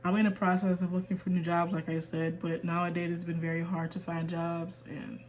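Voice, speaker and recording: A young woman from the US in her twenties talks candidly to camera in a personal rant. She speaks quietly and holds back emotion, then turns firm and emphatic. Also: fairly low pitch, flat delivery, a little fast, slight background noise. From United States. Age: 20s. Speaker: vlogger.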